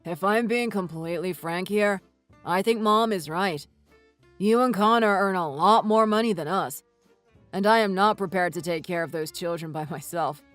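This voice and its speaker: A man's voice: high voice, normal speed, fairly bright tone, dry recording, faint music behind. A man voicing a defensive husband in a text-message story, speaking stiffly and scoldingly. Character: defensive husband and brother-in-law.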